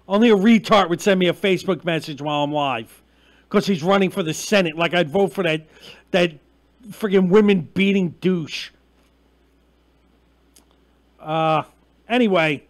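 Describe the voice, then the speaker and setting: A man, hosting a live online show in a profane, mocking rant and calling out names from the chat. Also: sits high. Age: 40s. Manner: ranting, profane, mocking and emphatic; gets loud and heated, then drops back to chatting with viewers. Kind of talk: ranting live-stream monologue.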